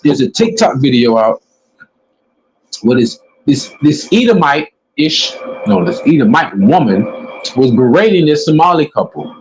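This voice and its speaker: A man's voice: on the high side, very animated, a little slow, slight background noise, rough recording. A man giving emphatic religious commentary, preachy, stretching words out for emphasis. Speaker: religious teacher.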